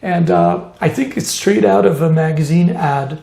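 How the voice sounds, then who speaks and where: High gravelly man. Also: normal speed, roomy sound. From Montreal, Canada. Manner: animated, acts out quoted voices, many "you know" fillers. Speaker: tattoo artist. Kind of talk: storytelling interview.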